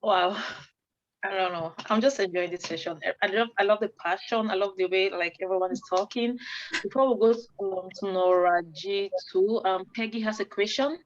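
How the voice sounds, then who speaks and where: A woman moderating a panel over a video call, warm and encouraging. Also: mid-range voice, steady tone, normal speed. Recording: dull lo-fi call audio.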